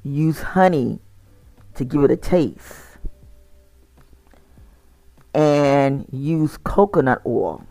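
A man's voice: a little high, expressive, extremely slow, pauses often, warm tone, dry recording. A tired man talking casually to his community, rambling with frequent restarts and repeated words. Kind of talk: casual monologue to camera.

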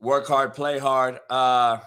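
A man hosting a morning sports talk show, hoarse from yelling, brash and profane as he hypes the show and reads sponsor plugs. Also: medium pitch, flat delivery, takes it slowly. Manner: brash, profane, hype-driven.

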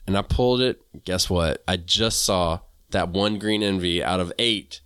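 A man co-hosting a gardening podcast, talking in a relaxed, rambling way with many fillers. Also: deep voice, moderate pace, clear, resonant tone, no echo, studio quality. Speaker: podcast co-host. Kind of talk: casual chat about gardening.

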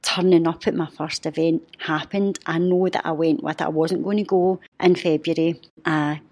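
Husky, heartfelt woman in her fifties. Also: deep voice, steady tone, a little mellow. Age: 50s. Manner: heartfelt, halting, with restarts. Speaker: podcast guest. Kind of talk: emotional personal story.

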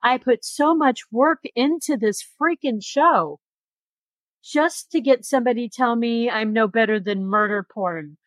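A woman's voice: a little high, a little slow, dry recording. A woman who hosts a podcast, speaking frankly and with exasperated rhetorical questions in a roundtable discussion. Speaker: podcast host.

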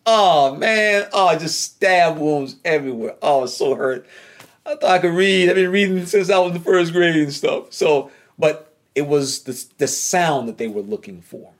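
A man from North Carolina with a Southern accent, telling a personal story in a casual, animated way and often repeating phrases. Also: on the high side, moderate pace. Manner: animated, repeats phrases, voice jumps up when excited.

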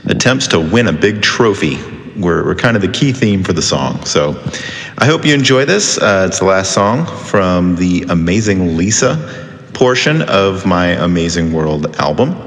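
Deep-voiced male author, upbeat and conversational, with animated delivery. Reverberant. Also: measured pace. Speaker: children's author and songwriter. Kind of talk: introducing and reading his book.

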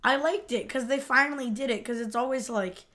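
Rambling woman co-host, slightly high voice. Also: a little fast, sharp tone. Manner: rambling, trails off and restarts while reasoning aloud. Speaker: podcast co-host. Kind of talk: casual chat about a TV episode.

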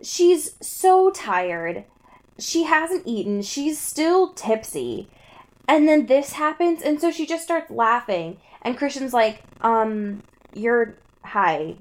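A woman's voice: high-pitched, animated, takes it slowly. A young woman casually recapping a story, laughing often and acting out the characters' lines. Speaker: co-host recapping a book. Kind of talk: casual chat.

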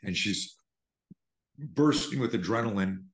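Deep-voiced older man telling a story. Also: a little slow, reverberant. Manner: animated storyteller, acts out quotes. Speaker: self-defense instructor, guest. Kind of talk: storytelling interview.

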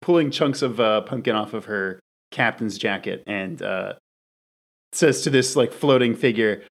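A man's voice: fairly low pitch, a little slow, creaky. A man playing a tabletop game, describing actions hesitantly, with fillers. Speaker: player. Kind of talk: tabletop play.

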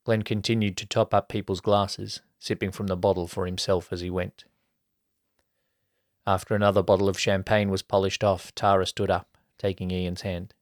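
A man reading an erotic story aloud as a podcast narrator, in an even storytelling manner. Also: sits low, normal speed, no room sound, clean studio sound. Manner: even storytelling, colloquial mates' banter.

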